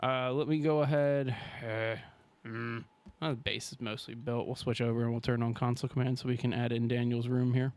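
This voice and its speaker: A man in the middle of his pitch range talks his way through a survival game on a live stream. He is casual and friendly, thanking viewers and reacting to what happens on screen as he builds. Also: flat delivery, brisk, darkish tone, smooth. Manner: chatty, thanks viewers and talks to chat while playing.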